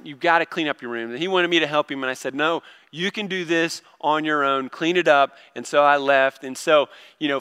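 A middle-aged man preaching to a congregation, his voice high and bright against the long reverb of a big church hall. He talks in a loose, self-deprecating way and keeps restarting his sentences as he tells stories about his own children. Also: clear, resonant tone. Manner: conversational, self-deprecating storytelling with many restarts. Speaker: pastor. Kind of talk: sermon.

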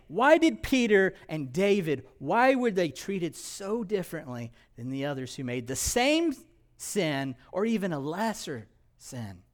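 A male pastor preaching a sermon, asking rhetorical questions and reading scripture, moving between loud emphatic passages and quiet, low stretches.

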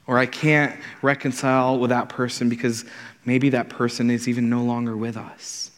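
A man's voice: medium pitch, flat delivery, normal speed. A man in his thirties preaching from the platform of a church, earnest and conversational, his mid-range voice trailing off into a long reverb. He tells his points plainly and keeps circling back with repeated words as he gathers each thought. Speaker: pastor. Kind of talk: sermon. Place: church sanctuary.

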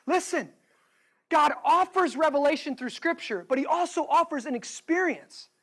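A man's voice: very high voice, moderate pace, a bit bright, poor audio. A male pastor preaching a sermon, pressing the listeners with emphatic rhetorical questions.

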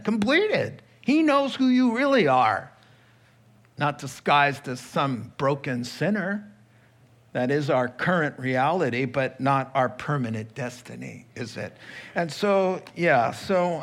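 A man preaching a sermon, telling a Bible story with lively acted-out quotes and asides. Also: a little high, slow. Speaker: pastor.

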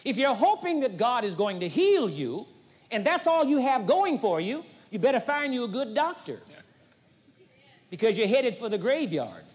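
A man's voice: very high-pitched, very animated, moderate pace. A man preaching a sermon with emphasis, driving points home by repeating short phrases. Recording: long hall reverb, 1980s audio tape.

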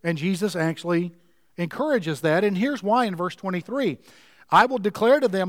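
High-voiced guy preaching a sermon, emphatic, dry close mic. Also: lively intonation, moderate pace, no room sound, in a large hall. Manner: emphatic, repeats key words for stress.

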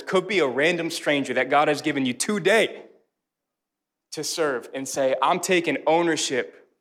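A man in his thirties preaching a sermon in church, telling lively stories with quick laughs and voices. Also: a little high. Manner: animated storytelling, quick laughs, mimics voices. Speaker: pastor.

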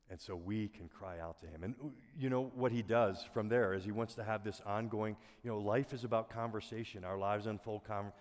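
A middle-aged male pastor delivers an earnest sermon in a fairly low voice, often sinking to near whispers. His words ring out with a long reverb through a church auditorium. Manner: earnest, soft-spoken, dips to near whispers.

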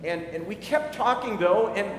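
A man's voice: sits high, expressive, moderate pace, slight background noise. Male pastor, conversational sermon storytelling; faint background ambience in a reverberant hall. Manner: conversational storytelling with frequent restarts.

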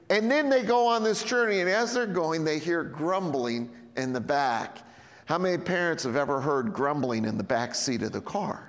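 A male pastor preaching a sermon in a church hall, animated and swinging between loud and hushed. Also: fairly high pitch, moderate pace. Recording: echoey hall with long reverb.

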